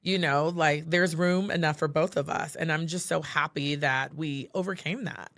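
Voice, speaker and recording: Chatty woman with gravelly vocal fry. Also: low voice, fairly even intonation, moderate pace, fairly bright tone, dry recording, clean studio sound. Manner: chatty, heavy with fillers like "like" and "you know"; heartfelt, personal storytelling. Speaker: podcast co-host. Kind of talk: casual podcast chat.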